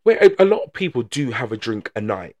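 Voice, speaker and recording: A man's voice: medium pitch, big pitch swings, brisk, a little mellow. Chatty man co-hosting a podcast. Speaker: podcast co-host. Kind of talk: casual chat.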